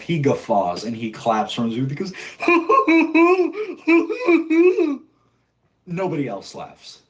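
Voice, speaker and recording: A man narrating as dungeon master in a tabletop game, with a relaxed, descriptive manner and frequent fillers. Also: on the low side.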